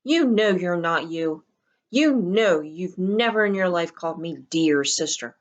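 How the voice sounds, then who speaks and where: A woman's voice: fairly low pitch, expressive, a little slow, highs cut off. A woman voicing a stubborn, panicky teenage girl in a storybook reading, speaking bluntly and emotionally. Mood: defiant.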